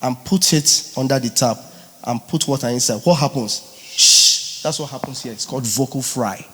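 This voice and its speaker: A man, teaching a live singers' workshop as a vocal coach, teasing and lively. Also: mid-range voice, a little fast. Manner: animated, teasing, mixes in pidgin. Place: large hall at a live boot camp. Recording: long hall reverb.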